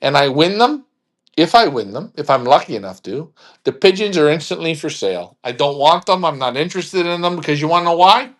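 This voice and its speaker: A man's voice: on the high side, lively intonation, a little fast. A man hosting a casual chat in a blunt, emphatic way, swearing freely.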